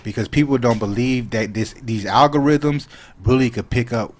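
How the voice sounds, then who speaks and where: A man's voice: mid-range voice, moderate pace. Laid-back slang-heavy man chatting. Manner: laid-back street slang, animated when excited. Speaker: social media creator, podcast guest. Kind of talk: casual podcast chat.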